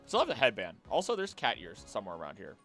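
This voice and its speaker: A man chatting casually on a live gaming stream, jokey and animated, talking to the creatures on screen. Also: lowish voice, fast, soft background music. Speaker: streamer and voice actor.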